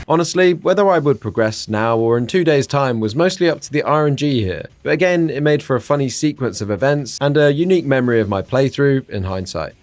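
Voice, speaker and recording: A man's voice: mid-range voice, animated, brisk, few pauses, a little mellow. An English man narrating a casual game retrospective in a chatty, sardonic way, swearing freely. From England. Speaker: gaming YouTuber.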